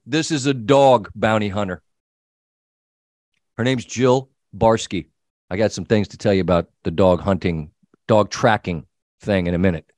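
A middle-aged man hosting a sports talk show, telling an animated story and acting out the people in it. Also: medium pitch, dry recording, studio quality. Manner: animated storyteller, quoting himself and others. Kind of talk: casual storytelling chat.

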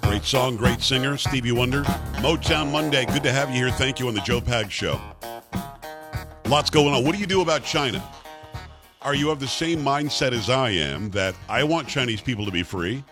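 A man's voice: medium pitch, moderate pace, loud music behind the voice. Male talk radio host, opinionated and emphatic, mid-range voice. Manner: emphatic, animated, mocking voices.

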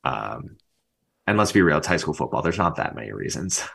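A man with a low voice, talking football coaching in relaxed podcast conversation. He fills his speech with "like" and keeps an easygoing tone. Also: brisk, vocal fry. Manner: relaxed, heavy use of "like". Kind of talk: casual podcast chat.

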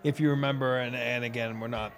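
A man recalling a team trip in a relaxed, rambling conversational way. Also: medium pitch, quick pace. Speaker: former hockey player, guest. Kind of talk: casual chat.

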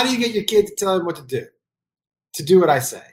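Middle-aged parent with mid-range pitch, blunt and foul-mouthed, riffing in a comedic rant. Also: big pitch swings, fast talker, a bit bright. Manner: blunt, profane, emphatic. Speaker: parent giving advice.

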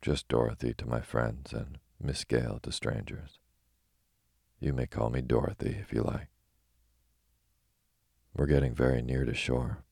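A man's voice: a bass voice, flat delivery, unhurried, vocal fry, pauses often, a little mellow, husky, no echo, studio quality, heavily acted. A man voicing an earnest, polite little girl in a storybook reading.

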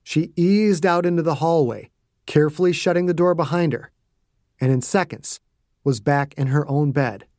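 A man who is the author, narrating his audiobook in a hushed, suspenseful way. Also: fairly high pitch, normal speed, no echo, studio quality.

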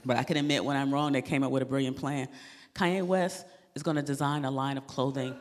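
Animated woman doing stand-up in a hall. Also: very deep voice, fast. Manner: animated, laughs at own jokes. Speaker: stand-up comedian. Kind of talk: stand-up comedy set. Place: comedy club stage.

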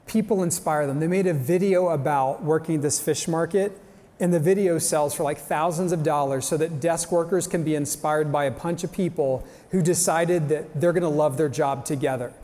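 A man's voice: fairly high pitch, warm tone. A young adult man giving an upbeat, joking motivational talk to a live audience, talking straight to the crowd. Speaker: motivational speaker. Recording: long hall reverb.

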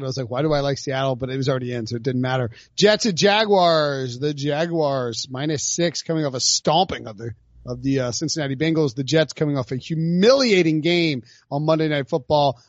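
A man's voice: fairly high pitch, a little fast, no echo, highs cut off. A man hosting a podcast, chatting casually about football picks with jokey asides. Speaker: podcast host. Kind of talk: casual sports betting chat.

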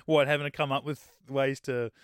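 A man's voice: medium pitch, little pitch movement, a little fast, clear, resonant tone, no room sound. A man co-hosting a podcast in casual chat, jokey and often laughing into a close mic. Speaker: podcast co-host.

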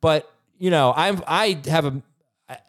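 A man hosting a fantasy football podcast, chatting casually with halting restarts and reading listener emails aloud. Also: on the high side, a bit bright. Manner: halting, many restarts, reads questions aloud. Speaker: podcast host.

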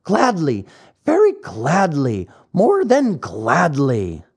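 A man voicing a lively, naughty boy puppet in an audiobook, with a high, eager, pleading manner. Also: slow, gravelly, slightly rough, exaggerated voice. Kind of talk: audiobook character reading.

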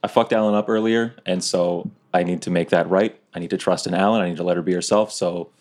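A man playing in a tabletop game, joking and animated. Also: low-pitched, fast talker. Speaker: player. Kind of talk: casual game play.

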